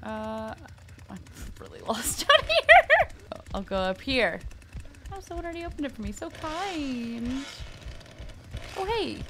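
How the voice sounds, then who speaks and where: A woman giving playful, excitable gameplay commentary, swearing freely and shrieking at the game. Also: high voice, unhurried, pauses often, noisy background. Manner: playful sing-song greetings to other players. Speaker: gaming video creator.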